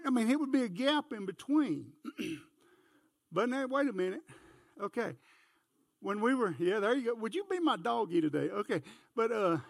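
An older man preaching in a church, his voice high and full of gravel. He spins homespun stories and talks directly to the congregation, and the recording is dry and close. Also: no room sound. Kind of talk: folksy sermon with storytelling. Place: church sanctuary.

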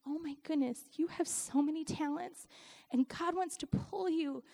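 Animated woman preaching with vocal fry. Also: high voice, moderate pace. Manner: animated storytelling, laughs often. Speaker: Christian speaker and worship leader. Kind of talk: conversational sermon.

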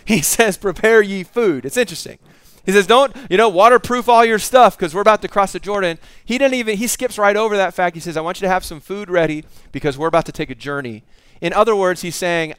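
A man's voice: high voice, fairly bright tone, smooth, no echo. A man preaching a conversational sermon, reading scripture aloud and adding casual asides. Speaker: pastor.

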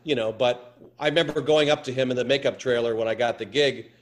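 Male actor guest, mid-pitched, stop-start storyteller, repeats himself. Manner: halting, repeats words, storytelling. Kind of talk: anecdotal interview chat.

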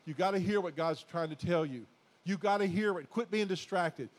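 A pastor preaches to his congregation in a fairly high voice. He speaks folksily, calling them folks, and he repeats his points until they swell into loud, emphatic declarations. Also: moderate pace. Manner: exhorting, repetitive, builds to loud emphatic declarations. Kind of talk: sermon.

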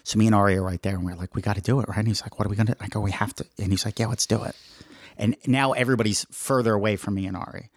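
A man's voice: fairly low pitch, fairly even intonation, rapid-fire, slightly rough, no echo. A man telling a comic story on a podcast in casual chat, acting out the quotes and laughing as he goes.

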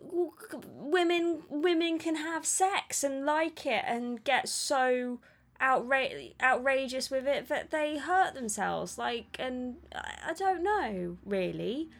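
A woman co-hosting a film review podcast, talking in a chatty, animated way with many fillers. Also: sits high, slow pace, gravelly. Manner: chatty and animated, frequent "like" and laughs. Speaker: podcast co-host. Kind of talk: casual film review chat.

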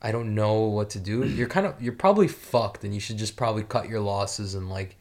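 A man's voice: fairly low pitch, a little fast, a little mellow. A man in casual chat giving grappling advice with lots of filler words, and joking at times. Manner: filler-heavy, coaching tone, jokey.

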